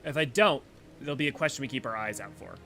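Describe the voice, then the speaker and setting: A man's voice: medium pitch, animated, fast talker, sharp tone, faint music behind. A man giving rambling, casual commentary while streaming a game, thinking aloud with many fillers. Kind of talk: casual let's-play commentary.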